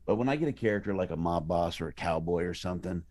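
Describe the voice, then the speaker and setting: A man's voice: sits low, quick pace. A man, an actor being interviewed, chatting casually and animatedly about his work. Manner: animated, slips into character voices. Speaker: actor guest.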